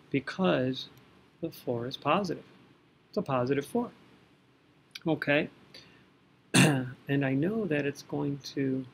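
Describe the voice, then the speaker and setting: Guy with a gravelly voice walking through math problems out loud, bit of noise behind. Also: fairly high pitch. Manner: talks through working step by step, self-correcting. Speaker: math teacher. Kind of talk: recorded screen lesson.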